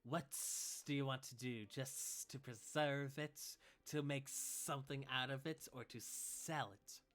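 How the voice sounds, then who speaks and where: A man doing a gruff serpent-man smith in a tabletop game: slow, deliberate trader with a tense, bright edge. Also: medium pitch, fairly even intonation, natural voice. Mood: gruff, businesslike. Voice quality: rough, gruff.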